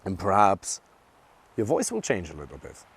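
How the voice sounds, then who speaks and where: A man's voice: sits low, huge pitch swings, moderate pace, husky. A young adult man, a dating coach, giving blunt and emphatic advice in a direct monologue, swearing for emphasis.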